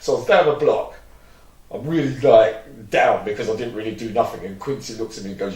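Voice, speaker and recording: A man's voice: fairly low pitch, expressive, quick pace, darkish tone, distant mic. A man, an interview guest telling long, rambling stories and acting out what others said. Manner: rambling, acts out quoted dialogue. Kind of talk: candid storytelling interview. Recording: roomy echo, mic set back.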